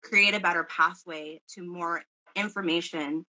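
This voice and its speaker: A woman's voice: on the low side, fairly even intonation, a little slow, bright, forceful tone, poor audio. A woman co-hosting a candid podcast conversation for union members, speaking in an emphatic, rallying way.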